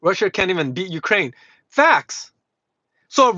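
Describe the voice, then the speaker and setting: A man's voice: high voice, very animated, unhurried, long pauses, bright, forceful tone, dry recording. A man livestreaming a heated, combative rant to his chat, swearing constantly, mocking and repeating himself. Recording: dull lo-fi livestream audio.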